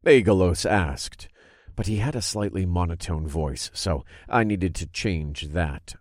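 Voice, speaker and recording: Deep voiced guy reading a first person fantasy story, dry close sound. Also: measured pace, a little mellow, no room sound.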